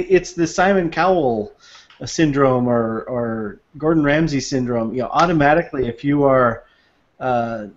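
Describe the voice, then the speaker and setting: A man co-hosting a casual online hangout, chatty and playful, with frequent restarts. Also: medium pitch. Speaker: video hangout co-host. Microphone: video call. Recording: dull lo-fi video call audio.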